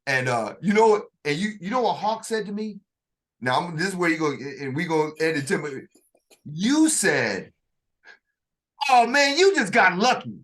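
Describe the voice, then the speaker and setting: A man casually telling a story in conversation, animated and full of slang, with vocal sound effects. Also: a little high, normal speed. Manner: uses slang and restarts. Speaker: storyteller in a two-man dialogue.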